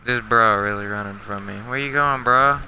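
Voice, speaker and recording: A man's voice: fairly low pitch, moderate pace, bright, forceful tone, slight background noise, low-quality recording. A young man livestreaming a game, trash-talking other players in slangy casual commentary while half asleep. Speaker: livestreaming gamer.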